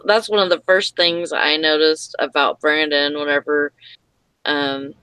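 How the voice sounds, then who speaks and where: Bright-voiced woman chatting. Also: deep voice, clean tone, no echo, poor audio. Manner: rambling storytelling with fillers. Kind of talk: casual chat.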